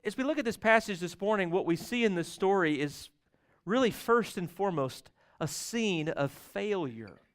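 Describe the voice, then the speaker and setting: A man preaching a sermon in a church, reading scripture aloud with casual asides and swinging between loud emphasis and soft remarks. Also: high voice, expressive, normal speed. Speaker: pastor. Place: church sanctuary.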